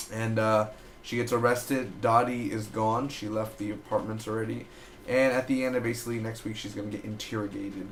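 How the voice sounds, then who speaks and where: A man giving a loose, chatty review of a TV episode, retelling scenes with quick quoted asides. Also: on the low side, a bit bright, reverberant, slight background noise. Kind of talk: casual solo review.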